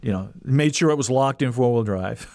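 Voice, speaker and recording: A man hosting a podcast, telling a casual story in an animated way and acting out the voices he quotes. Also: medium pitch, normal speed, a little hiss or hum. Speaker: podcast host.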